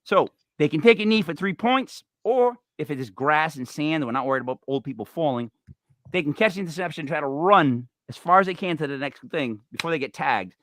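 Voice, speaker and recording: Man, high and very lively pitch, bright tone, dry mic, digressive comedic host chat. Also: a little fast, dry recording. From Italian-American. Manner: animated, digressive, joking. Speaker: podcast host. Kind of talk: rambling comedic talk show chat.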